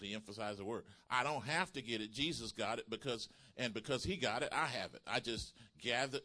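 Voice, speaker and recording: A man preaching a sermon, retelling a healing testimony and building to loud, emphatic calls to the congregation. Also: mid-range voice, animated, brisk, few pauses.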